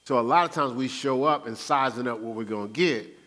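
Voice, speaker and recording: A man giving conversational Bible teaching, animated and acting out everyday talk. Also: mid-range voice, a little fast, in a large hall. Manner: animated, acts out everyday speech. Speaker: Christian teacher. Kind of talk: conversational preaching.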